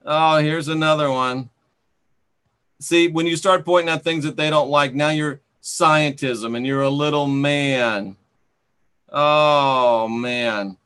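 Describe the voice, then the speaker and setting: A man hosting a live chat stream, sarcastic and scolding, who reads out comments and bans rude viewers. His voice sits a bit high and comes across bright and forceful. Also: fairly even intonation, slow pace, clear, resonant tone. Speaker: channel host.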